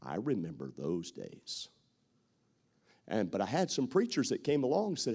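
A middle-aged male pastor delivering a heartfelt sermon in a gravelly voice. His pitch rises and falls with lively swings as he moves from loud, rousing calls to hushed confessions. He often breaks into short acted-out quotes of what others say. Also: normal speed, long pauses.

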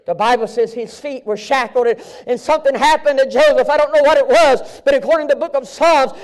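A man preaching a sermon at a live event, swinging from hushed near-whispers to shouting with a fervent, repetitive cadence. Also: very high voice, brisk.

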